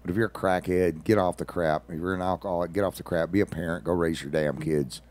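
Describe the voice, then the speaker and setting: A man's voice: sits low, steady tone, quick pace, a little mellow, slight background noise. A man, a regular on a radio show, telling rambling stories in casual talk with folksy asides.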